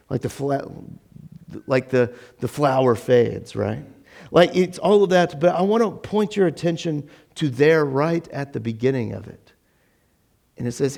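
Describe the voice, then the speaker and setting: A pastor delivering a conversational sermon in church, animated and acting out the lines he quotes. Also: vocal fry. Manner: animated, acts out quotes with sudden rises in pitch.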